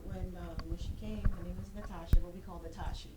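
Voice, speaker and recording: A woman talk show guest giving an animated personal testimony, acting out the voices she quotes and using churchy phrasing. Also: lowish voice, fast, background noise.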